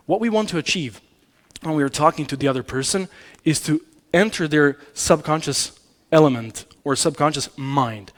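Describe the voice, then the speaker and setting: A man presenting a business communication talk at a conference, speaking straight to the audience in a conversational way, often correcting himself mid-sentence. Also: mid-range voice. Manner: conversational, addresses audience directly, frequent self-corrections. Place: conference stage.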